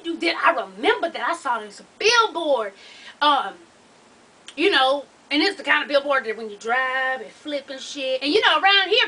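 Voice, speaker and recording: Young woman vlogger, bright high voice, lively and profane storyteller, a bit away from the mic. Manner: animated, profane, laughs through her stories. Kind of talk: casual storytelling vlog. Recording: voice from a distance off the mic.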